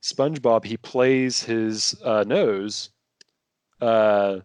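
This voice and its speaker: Low-voiced man rambling in casual chat. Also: extremely slow, darkish tone, clear, resonant tone, dry recording. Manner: rambling, many restarts and fillers. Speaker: podcast guest. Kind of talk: casual conversation.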